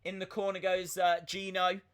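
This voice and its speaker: A young man hosting a live wrestling watch-along, chatting excitedly, rambling and flustered as he reads viewer comments. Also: high-pitched, normal speed, clean tone. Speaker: livestream host reacting to wrestling.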